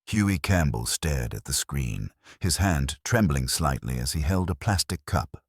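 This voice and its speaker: A man's voice: a bass voice, expressive, unhurried, husky, no room sound, studio quality. A man giving brooding, theatrical scripted narration of a story.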